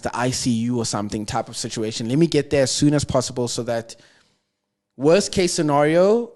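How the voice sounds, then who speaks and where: A young South African man, a podcast guest, earnestly telling a personal story in conversation. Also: mid-range voice. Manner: earnest, reflective retelling with emotional weight.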